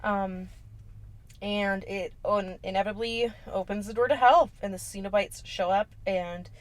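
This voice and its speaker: A woman's voice: medium pitch, steady tone, measured pace. A young woman co-hosting a podcast, casually recapping a horror film with slang, swearing and sassy asides. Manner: sassy, swears, acts out characters in slangy voices. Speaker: podcast co-host.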